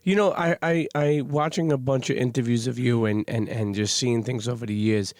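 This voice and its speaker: Halting male podcast host. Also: mid-range voice, steady tone, darkish tone, dry recording, studio quality. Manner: halting, many restarts and fillers. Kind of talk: casual interview chat.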